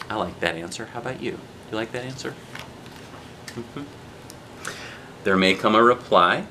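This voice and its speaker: Father reading to kids, deep-ish, gentle, conversational asides, faint room hum. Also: animated, a little slow, long pauses. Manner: gentle, chatty, asks the listener questions. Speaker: father reading a picture book aloud. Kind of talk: children's read-aloud with casual asides.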